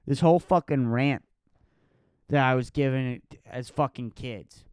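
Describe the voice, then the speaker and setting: A man in his twenties doing a solo comedic podcast rant, profane and mocking, sometimes jumping into a shrill voice to mimic others. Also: measured pace, smooth, no room sound, clean studio sound. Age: 20s. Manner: profane, animated, mocking falsetto impressions.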